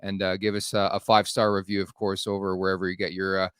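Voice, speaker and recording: A man's voice: sits low, monotone, quick pace, a bit bright, clean tone, dry recording, clean studio sound. A man co-hosting a casual sports talk show, chatty and laughing along, reading promos between topics. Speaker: podcast co-host.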